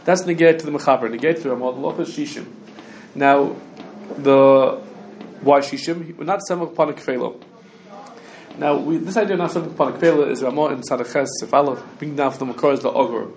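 A man teaching a Talmud class to students, talking quickly and restarting often, with Hebrew and Yiddish terms mixed in. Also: on the high side, fairly even intonation, a little mellow. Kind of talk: casual Talmud study lesson. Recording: echoey room with faint background noise.

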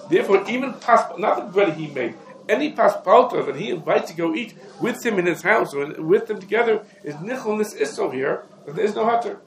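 Rabbi guy giving a law class, fast and explainy, kinda high voice, echoey room. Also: lively intonation, slight background noise. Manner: rapid, explanatory, peppered with Hebrew legal terms. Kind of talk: Talmudic law lecture.

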